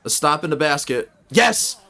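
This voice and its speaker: A young man commenting on his own basketball video game, talking to the players on screen and shouting when the plays go his way. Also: lowish voice, brisk. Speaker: gaming YouTuber.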